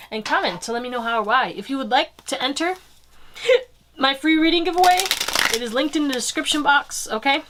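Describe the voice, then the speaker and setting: A woman's voice: high-pitched, a bit bright, a little hiss or hum. A young adult woman giving a casual tarot reading to camera, chatty and upbeat, swearing now and then. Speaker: tarot reader and channel host.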